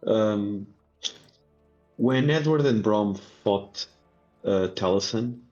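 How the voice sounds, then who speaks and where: Low-ish guy asking hesitant questions, muffled lo-fi chat sound. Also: takes it slowly, darkish tone, soft background music. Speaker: player. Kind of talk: casual chat.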